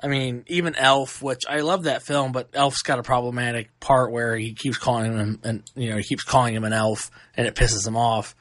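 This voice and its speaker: Bright-voiced man ranting about movies. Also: medium pitch, moderate pace, hardly any pauses, dry recording, studio quality. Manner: animated, ranting, frequent fillers and restarts. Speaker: podcast host. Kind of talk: casual movie review chat.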